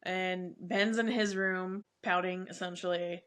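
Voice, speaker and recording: A woman's voice: on the low side, steady tone, unhurried, fairly bright tone. A woman co-hosting a podcast, frankly chatting about a novel's plot with frequent laughs and filler words. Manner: laughs often, filler-heavy, frank and unfiltered. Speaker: podcast co-host. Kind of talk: casual book recap chat.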